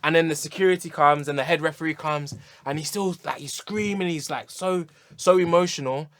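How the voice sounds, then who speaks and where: A man's voice: fairly high pitch, a little fast, dry recording. A man who competes in jiu-jitsu, telling a rambling anecdote on a casual podcast. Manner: rambling anecdote telling, acts out quotes loudly. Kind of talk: casual chat.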